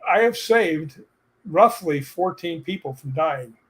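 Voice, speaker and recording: A man telling personal stories in a casual chat, animated and laughing as he goes. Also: fairly high pitch, takes it slowly.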